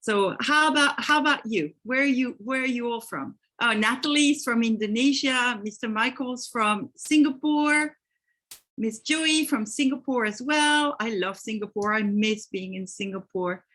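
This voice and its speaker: A woman's voice: fairly high pitch, normal speed, fairly bright tone. French-accented woman hosting a webinar. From France. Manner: friendly, greets attendees by name. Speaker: webinar host. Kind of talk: live online webinar.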